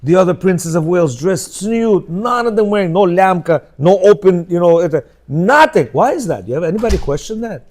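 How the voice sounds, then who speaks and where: Middle-aged Bukharian-accented man, fairly high voice, informal lecturer who keeps asking his listeners questions. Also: normal speed, hardly any pauses. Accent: Bukharian Jewish. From Uzbekistan. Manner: animated, asks listeners rhetorical questions. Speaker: Torah class teacher. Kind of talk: informal religious class talk.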